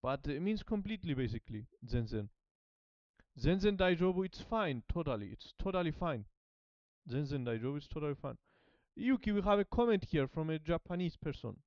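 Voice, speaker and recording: Higher-voiced man on a dull, dry recording. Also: animated, brisk, no room sound. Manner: repeats practice phrases back, chatty asides. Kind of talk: casual chat during a lesson.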